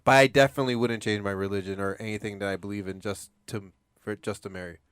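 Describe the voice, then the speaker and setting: A man's voice: on the low side, fairly even intonation, fast, a bit bright, smooth, no room sound, studio quality. A man hosting a podcast in casual chat, laid-back and laughing often, leaning on "you know what I mean.". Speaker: podcast host.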